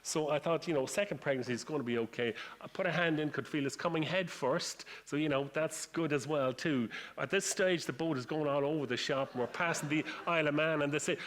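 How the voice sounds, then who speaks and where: A man's voice: on the high side, a little fast, few pauses, fairly bright tone. An Irish man in his sixties giving a humorous talk to an audience, telling stories with self-deprecating wit. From Ireland. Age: 60s. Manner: anecdotal, self-deprecating storytelling. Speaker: guest speaker. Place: lecture room with audience. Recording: distant reverberant hall, faint noise.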